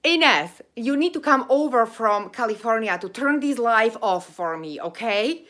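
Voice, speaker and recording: Effusive accented woman streamer, voice going hoarse, bright and a touch high. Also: animated. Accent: non-native accent. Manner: rambling, effusive, quick laughs, lots of thank-yous. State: losing her voice. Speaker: channel host of a live stream. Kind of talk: casual live-stream chat reading viewer comments.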